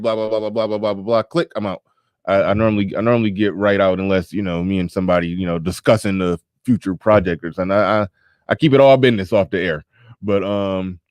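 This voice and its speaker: A man's voice: lowish voice, no room sound, clean studio sound. A male show host in a loose, rambling commentary with stammered restarts. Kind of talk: casual livestream commentary.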